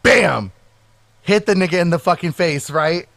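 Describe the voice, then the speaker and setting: A young man co-hosting a casual podcast, voice pitched high and recorded close in a dry room. He tells a rowdy story full of swearing and jumps into loud, animated impressions of what everyone said. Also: a little slow, creaky, no echo. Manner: animated, profane, acts out quotes loudly. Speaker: podcast co-host.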